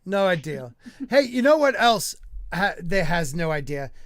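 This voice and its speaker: A man's voice: high voice, big pitch swings, measured pace, no echo, clean studio sound. A man hosting a livestream podcast, joking around and reading out viewer chat in a rambling, casual way. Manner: jokey, rambling, reads chat aloud. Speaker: podcast host.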